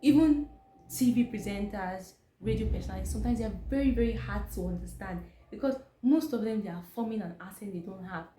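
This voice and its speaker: Young Nigerian woman vlogger, Nigerian accent, lively and exasperated, echoey room with background noise. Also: medium pitch, a little fast. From Nigeria, Edo State. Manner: animated, exasperated, mocking asides. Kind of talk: casual commentary to camera.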